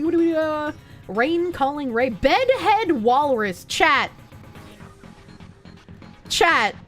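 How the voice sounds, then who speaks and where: A young woman streaming a game, chatting casually and swearing as she jokes with her chat. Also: high voice. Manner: animated, swearing, joking with chat, frequent laughs.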